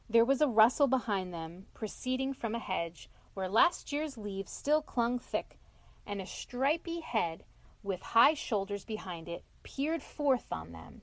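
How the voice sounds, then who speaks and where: A woman narrating a classic animal storybook in a gentle, measured reading. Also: mid-range voice, expressive, dry recording.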